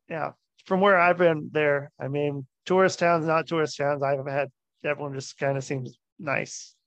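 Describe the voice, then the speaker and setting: A man hosts a podcast, talking very slowly and haltingly as he gropes for words, in a slightly high voice. The sound is dry and close, with a dull lo-fi quality. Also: clear, resonant tone, no room sound. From United States. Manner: halting, searching for words, many fillers. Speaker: podcast host. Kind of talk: casual interview conversation.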